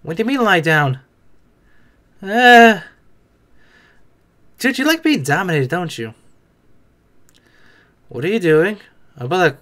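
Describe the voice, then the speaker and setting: A man's voice: sits high, expressive, slow pace, long pauses, fairly bright tone. A young man talking back at the screen in casual reaction commentary, chatty and swearing now and then. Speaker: reaction video host.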